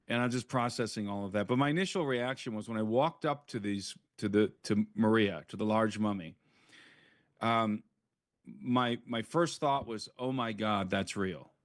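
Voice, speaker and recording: A man's voice: lowish voice, no room sound, studio quality. A man speaking as an interview guest, giving an earnest, frank first-hand account in conversation.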